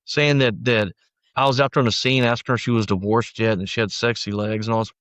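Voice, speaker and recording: A man's voice: medium pitch, fast talker, a bit bright, no echo. A middle-aged man, a former sheriff's deputy, recounting his story in an interview, with frequent restarts and quoted lines acted out. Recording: dry, slightly dull audio.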